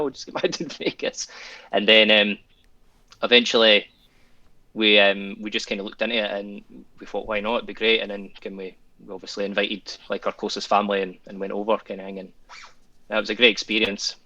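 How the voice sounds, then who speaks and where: A man's voice: on the low side, sharp tone, no echo, muffled recording. A Scottish man chatting as a podcast guest, rambling and restarting, chuckling often. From Scotland. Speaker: guest, tattoo artist and children's author. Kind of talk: casual podcast conversation.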